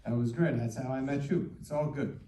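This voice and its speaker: A man answering interview questions in a rambling, halting way, often repeating his words as he tells a story. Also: medium pitch, steady tone, heavy background noise. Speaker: guest. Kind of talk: casual interview anecdote. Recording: roomy echo, distant mic.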